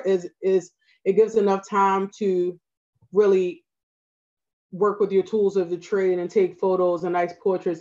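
A woman with a Baltimore accent talks through practical advice in a relaxed podcast chat. She is earnest and keeps checking in with her listener. The recording sounds a little dull and lo-fi. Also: fairly low pitch. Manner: earnest, advice-giving, frequent "right?" asides. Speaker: photographer guest. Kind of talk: casual podcast interview.

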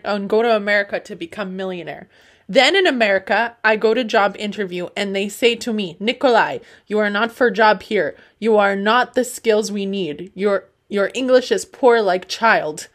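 A woman voicing a boastful, middle-aged Russian immigrant man, speaking loud broken English in a put-on Russian accent. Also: medium pitch, moderate pace, close to an everyday voice.

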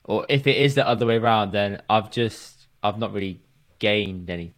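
A man's voice: fairly low pitch, moderate pace. A man co-hosting a casual podcast, joking and swearing playfully. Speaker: podcast co-host. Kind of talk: casual chat.

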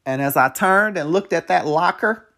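A man's voice: sits high, moderate pace, sharp tone. Profane man telling a story casually. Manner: profane, loose and conversational, full of "man" and "you know"; reflective, drifting into life lessons. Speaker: podcast host.

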